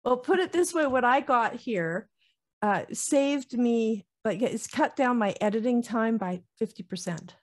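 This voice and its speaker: A woman's voice: a little high, animated, measured pace. A woman on a video call eagerly explaining a recording device to friends. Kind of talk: casual video-call chat.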